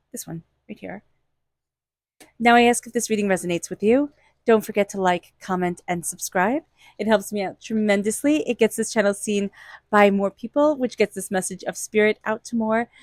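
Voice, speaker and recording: In a casual tarot reading vlog, a woman with a medium-pitched voice speaks at a moderate pace with no room sound. She gushes and talks loosely, full of "you know" and "like," and slips into playful voices when quoting.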